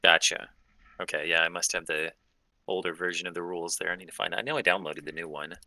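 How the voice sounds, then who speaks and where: A tabletop player with a very low voice and a bright, forceful edge. He checks the scene with casual questions, heard close and dry. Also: fairly even intonation, fast talker, no room sound. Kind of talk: playing a tabletop game.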